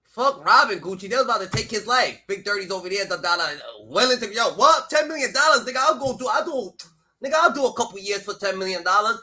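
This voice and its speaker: Brief: male streamer, high bright voice, swings wildly, cursing rants on a live reaction stream. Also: animated, fast. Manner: loud, heated, swears constantly, jumps between shouting and muttering.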